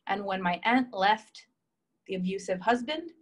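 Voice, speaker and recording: A woman's voice: medium pitch, a little slow, poor audio. A woman coach tells a story and reads viewer comments in a live session, speaking with emphatic, heartfelt repetition. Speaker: relationship coach.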